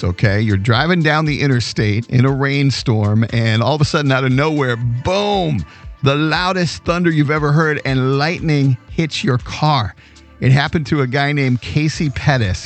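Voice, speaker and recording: A male radio host tells a good news story in an upbeat, chatty manner. His voice sits at an ordinary pitch. Soft music plays faintly beneath him.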